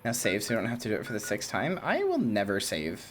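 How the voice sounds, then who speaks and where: A young woman streamer giving joking, animated gameplay commentary and bantering with her chat. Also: very deep voice, quick pace, slight background noise.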